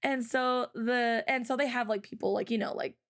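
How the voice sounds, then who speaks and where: A woman's voice: on the high side, steady tone, a little fast. A woman hosting a livestream and telling a story, with lots of "like" and "um" fillers, often speeding up. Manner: chatty, full of "like" and "um" fillers, often speeds up and acts out her own past words. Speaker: streamer and host.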